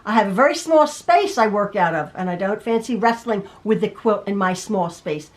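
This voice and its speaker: A woman's voice: mid-range voice, expressive, normal speed. A middle-aged woman, a quilting teacher, chatting casually from her home sewing room as she reads out viewer emails, rambling, restarting and laughing.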